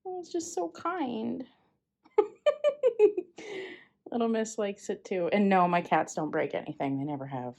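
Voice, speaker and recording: A young woman, chatting casually as she opens packages, gushing with excited exclamations. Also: medium pitch, normal speed, vocal fry, few pauses. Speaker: vlogger. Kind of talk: casual unboxing chat.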